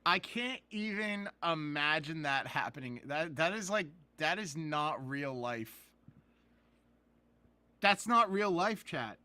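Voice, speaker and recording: A young man hosting a live card-pack opening stream, talking to chat from a laptop mic and bursting into laughs and shouts. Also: high voice. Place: indoors at a computer. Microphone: laptop camera mic.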